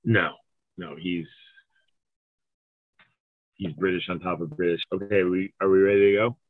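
A man hosting a podcast in casual, joking chat, halting with fillers. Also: low voice, steady tone, no room sound, narrow, tinny audio. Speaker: podcast host.

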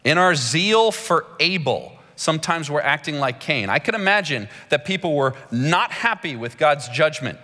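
A man preaching a sermon in a large church hall, with a dramatic, slow and emphatic delivery that climbs high when he gets excited. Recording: long hall reverb.

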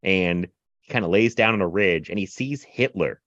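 A man casually reviewing a film in animated, rambling podcast chat, full of fillers and laughs. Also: low-pitched, moderate pace, no echo, muffled recording. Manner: animated, filler-heavy retelling with laughs and mimicry.

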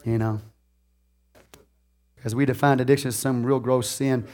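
A man preaching a sermon to his congregation, swinging from hushed confessions to shouted lines and laughing often. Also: mid-range voice, fairly even intonation, normal speed. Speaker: pastor. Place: church.

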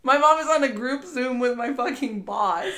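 Animated young woman telling a story. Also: high-pitched, moderate pace. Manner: animated storyteller, gets loud and excited, laughs. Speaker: podcast co-host. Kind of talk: casual chat.

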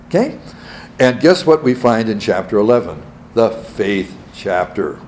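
A man with a fairly low voice gives a classroom Bible lecture. He reads verses aloud and circles back to key phrases, often pausing to ask "okay?" A faint hiss sits behind his voice. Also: darkish tone. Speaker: Bible teacher.

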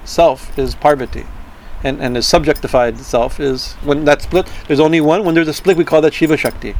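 A man giving an informal talk on Tantra philosophy. He speaks haltingly, repeats words and keeps asking "right?". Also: fairly high pitch, fairly even intonation, darkish tone, slight background noise, rough recording. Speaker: spiritual teacher.

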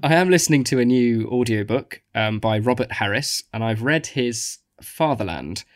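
A man co-hosting a casual podcast, talking in rambling, restarting sentences. His voice sits at an ordinary pitch for a man. The recording is dry and close, with no room echo. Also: expressive, moderate pace. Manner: rambling, many restarts and fillers. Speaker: podcast co-host. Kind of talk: casual chat.

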